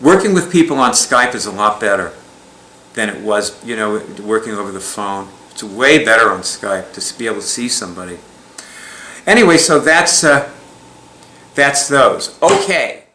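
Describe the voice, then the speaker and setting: A man's voice: fairly low pitch, lively intonation, moderate pace, bright, forceful tone, slight background noise. A man telling a story in a casual, rambling way, chuckling often and restarting his sentences. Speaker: speaker recounting a client story. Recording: echoey room.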